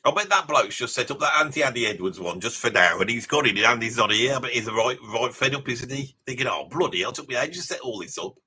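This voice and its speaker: A man's voice: medium pitch, lively intonation, fast talker, hardly any pauses, sharp tone, slightly rough, exaggerated voice. A man putting on a brash, mouthy metalhead bloke with a Birmingham accent, blustering and rambling through a live reaction stream. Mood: blustery. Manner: blustering and rambling, swears casually, laughs at his own jokes. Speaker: livestream host in character.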